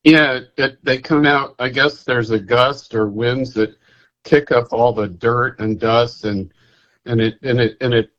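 A man calling in to a radio show, talking in a halting, folksy way and repeating himself. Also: mid-range voice, steady tone, a bit bright, dull audio. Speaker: caller. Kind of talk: casual call-in chat.

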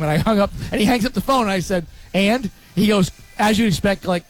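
High-voiced man telling a lively sports story. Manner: animated storyteller, quick asides. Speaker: sports radio host. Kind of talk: casual sports talk storytelling.

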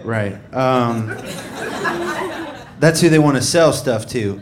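A man's voice: mid-range voice, takes it slowly, a crowd in the background. A man doing a stand-up comedy set on a club stage, telling stories in a dry, sardonic way. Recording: noisy live club recording.

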